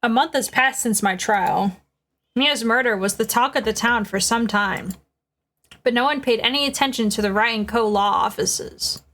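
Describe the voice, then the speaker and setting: A woman's voice: on the high side, moderate pace, a bit bright, lightly acted. A woman voicing a young male lawyer who is anxious and broke, reading game dialogue aloud on a stream. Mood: worried.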